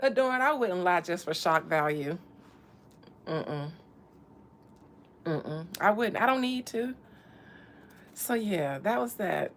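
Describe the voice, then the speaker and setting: Animated, laughing woman podcaster. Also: lowish voice, slow, long pauses, slight background noise. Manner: animated, profane, laughs often. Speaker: podcast host. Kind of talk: casual comedic commentary.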